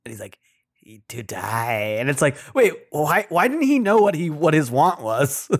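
A man's voice: a little high, very animated, moderate pace, slightly rough. A young man co-hosting a podcast, chatting casually and enthusiastically, often breaking into laughs. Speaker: podcast co-host. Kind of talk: casual chat.

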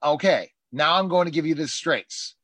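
A man hosting a political talk show, arguing emphatically and acting out politicians in quick asides. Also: on the high side, dry recording. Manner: emphatic, animated, mimics politicians in quoted asides. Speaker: show host and journalist.

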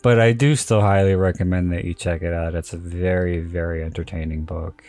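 A man's voice: sits low, steady tone, brisk, darkish tone, dry recording. A man hosting a podcast, telling stories in a casual chat and laughing often as he goes. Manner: chatty storyteller, laughs often. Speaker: podcast host.

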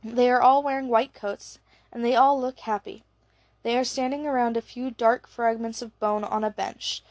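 A woman reads an audiobook in a steady, even voice. Her pitch sits fairly high, and the recording is close and dry with no room sound. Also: moderate pace, no echo. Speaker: audiobook narrator. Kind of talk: scripted narration.

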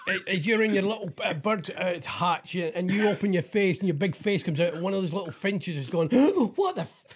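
Male podcast co-host, high husky voice, jokey and teasing, reads emails aloud. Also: fairly quick. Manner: teasing, jokey, laughs while reading. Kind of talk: casual banter, reading listener emails.

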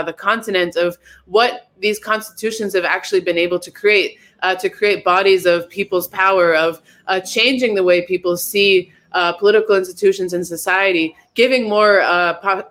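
A woman's voice: lowish voice, a bit bright. Woman reporting from the field. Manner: earnest, explanatory, with fillers. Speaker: field correspondent. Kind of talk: news report.

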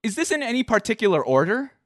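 A man's voice: very high-pitched, very animated, fast, a bit bright, no room sound, clean studio sound. A man in his twenties hosting a casual chat, teasing his guest and reading messages aloud with mock drama. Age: 20s. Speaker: host.

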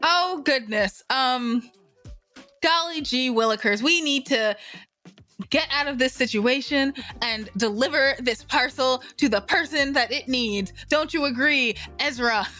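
A woman plays a chipper character who talks like a game show host. She delivers every line with hammy announcer flair. Her voice sits a little high and sounds bright. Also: measured pace, soft background music.

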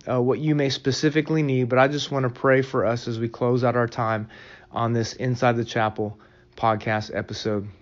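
A man hosting a devotional podcast talks earnestly to his listeners, leading them gently into reflection and prayer. His voice sits at an ordinary middle pitch. The audio sounds a little dull and muffled. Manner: earnest, pastoral, addresses listeners as friends. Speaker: podcast host.

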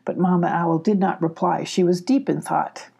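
An older woman reads a children's storybook in a gentle, grandmotherly way. Her voice is mellow and warm, with a husky edge. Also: fairly low pitch, moderate pace. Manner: gentle, doing character voices.

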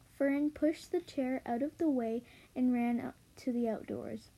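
Slow, breathy woman reading aloud. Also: high voice, mellow, low-quality recording. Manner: hesitant reading with stumbles and fillers. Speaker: reader. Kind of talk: reading a children's book aloud.

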